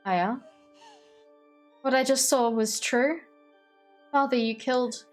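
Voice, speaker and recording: Scared young girl, read by a woman, pleading, a touch higher, Australian accent. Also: takes it slowly, soft background music. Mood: frightened. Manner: shaken, pleading.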